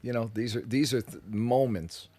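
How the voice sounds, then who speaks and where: A man, a rock musician telling stories as a guest in a radio studio interview, animated and profane, acting out the people he quotes. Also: mid-range voice, moderate pace, slightly rough. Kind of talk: casual radio interview storytelling.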